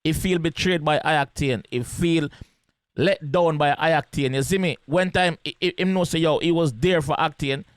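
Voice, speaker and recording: A man's voice: fairly high pitch, normal speed, clear, resonant tone, dry recording. A man with a Jamaican accent giving casual, emphatic commentary on a song as host of a reaction video, repeating his points in patois slang.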